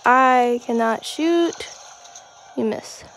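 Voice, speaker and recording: A young woman chatting casually while playing a video game, reacting out loud to what happens. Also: a little high, very slow, slight background noise. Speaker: gamer. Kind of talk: casual gameplay commentary.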